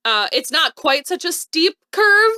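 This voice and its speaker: A woman co-hosting a show, chatting casually as she recaps an episode with lots of "like" and quick asides. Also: very high-pitched, no room sound. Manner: lively, animated retelling with frequent "like". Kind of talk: casual chat.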